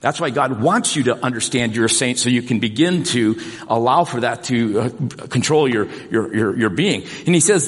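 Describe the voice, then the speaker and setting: A man preaching a sermon as pastor in a church, earnest and emphatic, slowing down and repeating key points. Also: mid-range voice, expressive. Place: church sanctuary. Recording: long reverb of a large hall.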